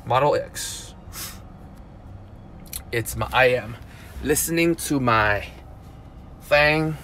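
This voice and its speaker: A man in his thirties talking casually on a live stream, animated and full of "dude" and "like", with loud outbursts and mumbled asides. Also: medium pitch, drawn-out words, a little hiss or hum. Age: 30s. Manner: lots of "like" and "dude", repeats himself. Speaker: vlogger.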